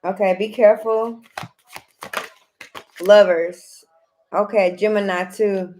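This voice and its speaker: A woman giving a casual tarot reading to viewers, chatty, often repeating "heavy emphasis" and "okay," with bursts of excitement. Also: mid-range voice, moderate pace. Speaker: tarot reader.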